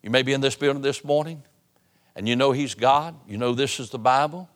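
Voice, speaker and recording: A man preaching from a church pulpit, his voice at an ordinary middle pitch. He presses hard on appeals, then drops to a near hush for tender lines. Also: a little fast. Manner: emphatic preaching, swings from loud appeals to hushed tones. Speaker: pastor. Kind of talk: sermon. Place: church sanctuary.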